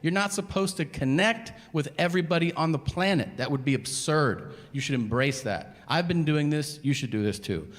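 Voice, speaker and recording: A man doing stand-up comedy, giving sarcastic, deadpan advice. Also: on the high side, normal speed, hardly any pauses. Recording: reverberant live room with noise.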